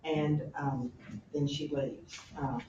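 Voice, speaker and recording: A woman teaching a class, talking in an animated, chatty way and often correcting herself, recorded from a distance in a classroom. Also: low-pitched, takes it slowly, reverberant, dull audio, noisy background. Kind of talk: classroom lecture on a play.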